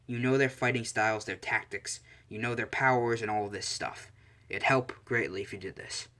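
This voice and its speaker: A man's voice: lowish voice, steady tone, moderate pace, bright, forceful tone. A man voicing a guarded, blunt adult male hero who teaches a class. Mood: wary.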